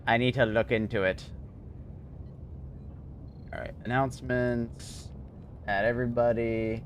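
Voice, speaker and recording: A man chatting casually on a livestream, laughing often and thanking viewers excitedly. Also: medium pitch, a little slow, a little hiss or hum. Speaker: streamer.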